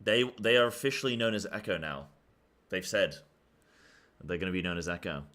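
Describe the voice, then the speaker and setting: A young man streams and chats casually about a game, rambling in loose, run-on sentences full of fillers. His voice sits low, animated, fairly quick and a bit bright.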